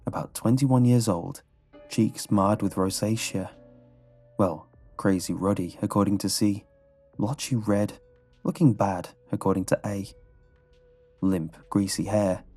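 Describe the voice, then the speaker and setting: A man giving scripted horror narration in a low, measured storytelling manner. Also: darkish tone, dry recording. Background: faint background music.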